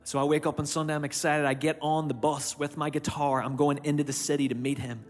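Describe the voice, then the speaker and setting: A man's voice: a little high, flat delivery, a little fast. A man with an Irish accent preaching a sermon, animatedly telling a personal story and acting out his own reactions. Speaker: church speaker. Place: church auditorium. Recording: long hall reverb, faint music behind. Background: faint music.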